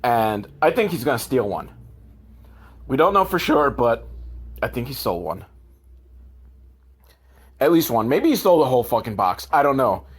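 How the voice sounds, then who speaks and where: A man's voice: mid-range voice, a bit bright. Sarcastic ranting man recapping a movie. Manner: profane, sarcastic ranting with mocking put-on voices. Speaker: comedy podcast host.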